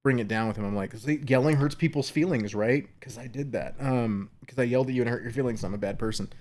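A man's voice: medium pitch, steady tone, fast, a little mellow. A man in his thirties hosting a casual podcast chat, rambling through a family story with frequent laughs. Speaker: podcast host, father.

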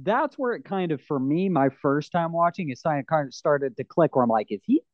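Enthusiastic rambling man, slightly higher voice. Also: animated, fairly quick, no echo, lo-fi sound. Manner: enthusiastic, rambling, with frequent restarts. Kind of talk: casual film discussion.

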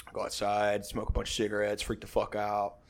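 A man's voice: lowish voice, monotone, brisk, gravelly. Man telling a rambling, profane story. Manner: rambling and profane, acts out quotes. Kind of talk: casual storytelling chat.

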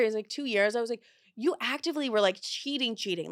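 A woman's voice: fairly high pitch, fast, dry recording, clean studio sound. Blunt, foul-mouthed young woman. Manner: blunt, profane storytelling with acted-out quotes. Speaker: podcast host. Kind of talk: casual confessional chat.

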